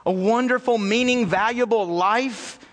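A man with a notably high speaking voice delivers an earnest sermon, repeating key phrases for emphasis. His words ring out with a long reverb trailing behind, as in a church hall. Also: unhurried, a bit bright. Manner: earnest, repetitive, addresses listeners as folks. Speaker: pastor. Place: church sanctuary with chairs.

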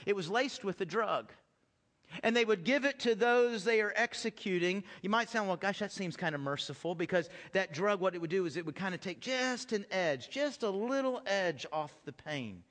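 A middle-aged male pastor with a high-set voice preaches to his congregation, rising to loud emphatic lines and dropping to near-hushed ones. He repeats his phrases for weight and keeps asking the room questions, and his voice rings out with the long reverb of a big church hall. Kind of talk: sermon. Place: church sanctuary.

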